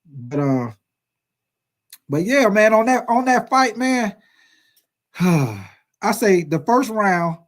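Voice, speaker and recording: Man in his forties, high voice, sports host, swearing, animated casual rant. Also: extremely slow, long pauses. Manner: profane, animated storytelling with lots of swearing.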